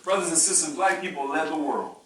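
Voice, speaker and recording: Impassioned lecturer in an echoey hall. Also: male voice, on the high side, a little fast, fairly bright tone, distant mic. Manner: impassioned, preacher-like. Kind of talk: lecture with call-and-response.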